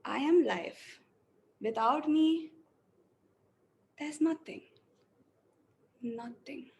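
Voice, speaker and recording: A woman's voice: high voice, extremely slow, creaky, a little mellow, full character voice. A woman acting out a monologue as a haughty personified force of life and truth, declaiming it. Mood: cold, scornful.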